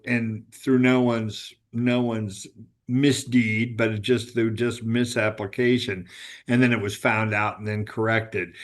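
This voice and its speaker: A man serving as a state legislator, asking a follow-up question in a committee hearing, halting and restarting his sentences often. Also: on the low side.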